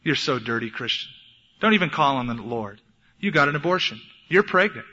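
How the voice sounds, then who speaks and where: A man's voice: mid-range voice, animated, fairly quick, sharp tone. A man preacher voicing a taunting male devil who accuses a believer in a scornful, accusing way, in an echoey hall. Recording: echoey hall, dull lo-fi sound.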